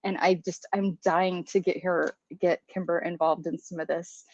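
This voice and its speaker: A woman's voice: lowish voice, level tone, normal speed, a little mellow, no echo. A woman who owns a candle brand, hosting a casual livestream and greeting viewers by name in a flustered, chatty way. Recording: slightly dull, dry livestream audio.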